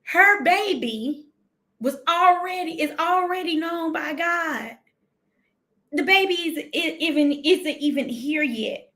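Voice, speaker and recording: Female preacher, high clear bright voice, emphatic livestream sermon with repeated lines, choked up. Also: lively intonation. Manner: fervent, emphatic, repeats phrases, slows for scripture. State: near tears. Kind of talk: livestream sermon with scripture reading.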